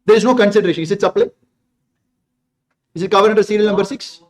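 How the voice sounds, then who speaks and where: Fast, high-voiced Tamil Indian teacher. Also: male voice, steady tone. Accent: Indian English, Tamil. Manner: emphatic, repeats words, asks the class rhetorical questions. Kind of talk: exam revision lecture.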